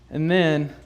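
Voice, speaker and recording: Nervous young man, higher voice. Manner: nervous, halting, many fillers and nervous laughs; emotional, close to tears. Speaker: youth speaker giving a testimony. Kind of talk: personal testimony to a youth group.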